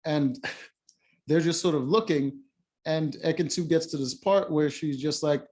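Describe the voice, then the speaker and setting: A man with a fairly high-pitched voice talks through a reality-show episode in loose, casual recap mode. He rambles, leans on fillers and restarts, and drops blunt opinions along the way. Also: a little slow, darkish tone. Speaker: show reviewer.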